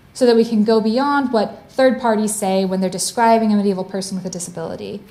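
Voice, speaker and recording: A woman's voice: medium pitch, darkish tone. Woman giving an academic lecture, roomy. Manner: clear, explanatory, stops to define terms. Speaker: guest lecturer. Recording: roomy echo.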